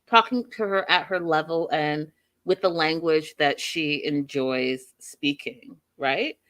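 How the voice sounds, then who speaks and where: Low-pitched and a bit bright, this woman talks at a slow pace while recapping a reality TV episode on her show. She keeps it chatty and emphatic, addressing the audience directly.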